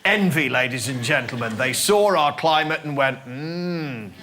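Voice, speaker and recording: A man, team captain on a comedy panel show, giving a mock-pompous argument speech to a live audience and building to loud outbursts. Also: medium pitch, expressive, moderate pace. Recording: stage mic, loud audience laughter and noise.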